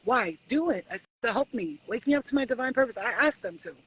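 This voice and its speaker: A woman giving spiritual readings at home in a casual live-stream chat, animated and swearing freely as she acts out conversations with spirits. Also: on the high side, brisk, breathy edge, poor audio. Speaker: spiritual reader.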